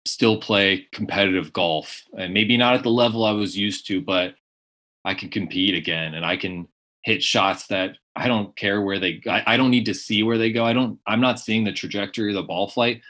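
A young man, a blind golfer and podcast guest, talking candidly and joking as he tells lively stories. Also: fairly low pitch, normal speed. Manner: joking, animated storytelling.

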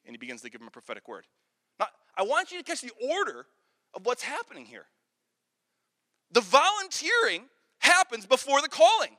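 A man with a very high, bright voice preaches a sermon earnestly, repeating words when he gets going. His voice echoes with long reverb through a large hall. The preaching carries the feel of a story. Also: very animated, moderate pace. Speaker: pastor.

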